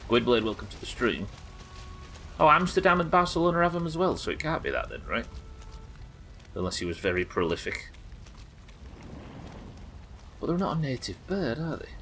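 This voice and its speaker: A man's voice: mid-range voice, big pitch swings, normal speed, pauses often, sharp tone, slight background noise. A young English man chatting casually and rambling while streaming a game, swearing now and then. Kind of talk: casual live-stream chat while gaming.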